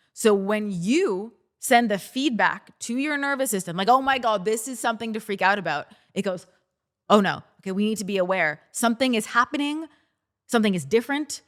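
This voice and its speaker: A woman's voice: mid-range voice, fairly bright tone. Lady podcast host chatting through a mindset lesson, coachy and casual, does little voices of people freaking out. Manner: conversational, coaching, acts out listeners' reactions. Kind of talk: casual self-help talk.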